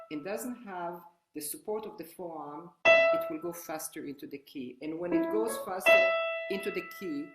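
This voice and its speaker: Woman, piano teacher, low voice, explaining while playing, roomy sound, loud piano behind. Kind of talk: instructional demonstration at the piano. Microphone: online workshop, single room mic.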